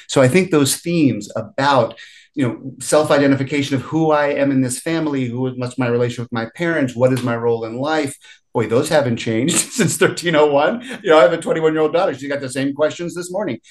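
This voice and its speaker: A middle-aged man, a film writer and director, talking in a casual interview with frequent laughs and restarted sentences. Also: on the high side.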